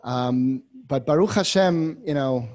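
A man teaching a class on a biblical text, moving from quiet asides to loud, impassioned readings and using many Hebrew terms. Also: medium pitch, slow. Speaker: Torah teacher.

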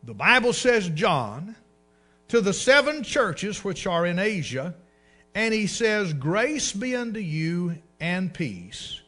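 A pastor preaching a sermon, slowing to quote scripture and dropping to a hushed tone at line ends. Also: male voice, high-pitched, big pitch swings, soft background music.

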